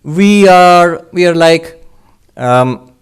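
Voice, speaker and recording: A monk and Vedanta teacher lectures an audience on spiritual matters in a clean, fairly high voice, animated and drawing out his words. He explains things step by step, poses rhetorical questions, voices his listeners' doubts, and chuckles now and then.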